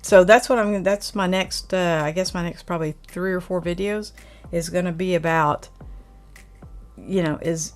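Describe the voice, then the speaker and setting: A woman from Oklahoma with a light Oklahoma twang, hosting her channel in a rambling, chatty live talk and answering viewer comments. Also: on the low side. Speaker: channel host reviewing camera gear. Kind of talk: casual live chat.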